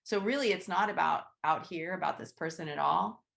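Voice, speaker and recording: Woman, host, casual teaching chat, lowish voice, video call sound, keeps asking "right?". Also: a little fast, creaky, fairly bright tone. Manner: conversational, repeats "right?", acts out inner thoughts.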